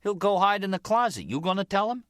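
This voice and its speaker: A man's voice: high-pitched, sing-song, quick pace, fairly bright tone, clear, resonant tone, no echo, clean studio sound, voice pushed up. A man doing a whiny young mobster. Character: young male mobster, sulky and childish.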